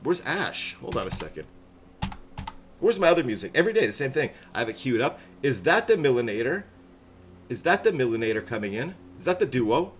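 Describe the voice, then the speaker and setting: A man's voice: medium pitch, big pitch swings, brisk, slight background noise. A man chatting casually on a live game stream, upbeat and rambling, laughing often. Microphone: headset. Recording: background music playing loudly. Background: music.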